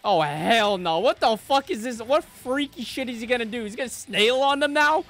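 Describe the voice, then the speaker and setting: A man reacting to an anime episode with excitable, profane slang, swinging between shouted outbursts and low mutters. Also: normal speed. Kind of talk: live anime reaction commentary. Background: faint anime soundtrack music.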